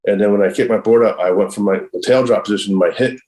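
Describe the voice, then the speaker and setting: Middle-aged male podcast guest, deep and low, rambling storyteller who swears freely. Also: fast, noisy background. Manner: rambling and profane, heavy use of "like" and "I'm all". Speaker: podcast guest, professional skateboarder. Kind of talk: casual storytelling.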